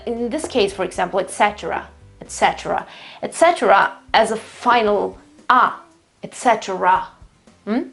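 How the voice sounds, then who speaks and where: A woman, a native Italian speaker, teaching an English pronunciation lesson at a whiteboard, explaining patiently with frequent fillers and saying words slowly several times over. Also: fairly high pitch. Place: room with a whiteboard.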